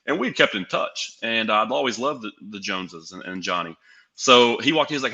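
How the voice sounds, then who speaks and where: A man's voice: fairly low pitch, fast talker. A young man from Tennessee, a guest on a podcast, telling a story and acting out the dialogue in it. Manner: animated, acts out quoted dialogue. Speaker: guest, pro wrestler and sales executive.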